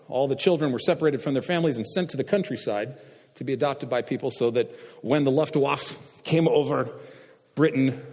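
A man's voice: medium pitch, a little mellow. Man lecturing in an echoing hall. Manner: asks the audience questions, halting with fillers and restarts. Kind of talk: classroom lecture.

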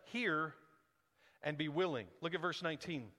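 A man preaching a sermon as pastor, reading scripture and explaining it, rising to emphatic peaks and dropping to slow, grave lines. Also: on the high side, bright, forceful tone. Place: church sanctuary. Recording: long reverb of a large hall.

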